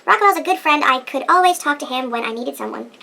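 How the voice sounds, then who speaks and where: A woman voicing a young runaway heiress, reading the game dialogue quickly. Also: sits high, expressive, gravelly, sharp tone, voice pushed up, exaggerated voice. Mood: confiding.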